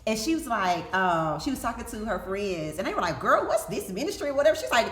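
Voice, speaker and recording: At a reunion she's hosting, a woman who leads a ministry chats casually with a group, laughing a lot as she tells stories with animation. She speaks fairly quickly in a mid-range voice, and the sound is roomy.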